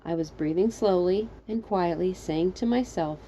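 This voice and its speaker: A woman narrating her own comedic fan fiction story in a wry, animated way. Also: moderate pace, hardly any pauses, highs cut off, slight background noise. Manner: wry, animated, jumping high for quoted lines.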